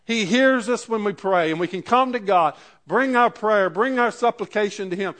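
A man's voice: high voice, normal speed, a bit bright. A pastor preaching a sermon, reading scripture aloud and then driving his points home with rising emphasis.

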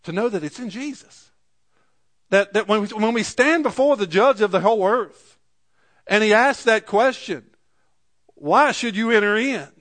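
A man's voice: high-pitched, normal speed, pauses often, a bit bright. A middle-aged male pastor preaching a sermon, telling a story in an earnest way and rising to fervent preaching.

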